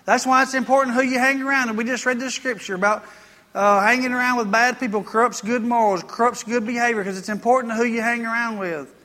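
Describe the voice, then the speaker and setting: Male pastor, folksy sermon storyteller, bright tone, long hall echo. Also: very high voice, steady tone, fast. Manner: folksy storytelling preacher, rising to emphatic preaching. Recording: long reverb of a church hall.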